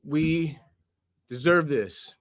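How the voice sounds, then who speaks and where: A young man hosting a sports podcast, reacting live with euphoric, profane excitement and lots of repetition. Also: fairly high pitch, very slow. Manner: euphoric, swearing, repeating himself.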